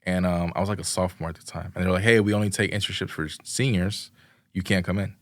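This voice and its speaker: A young man with a somewhat low voice spins a loose, slangy story full of "like" and acted-out quotes. His sound is close and dry, with almost no room around it. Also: little pitch movement, fast, dry recording. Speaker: podcast guest, videographer. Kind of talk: casual interview chat.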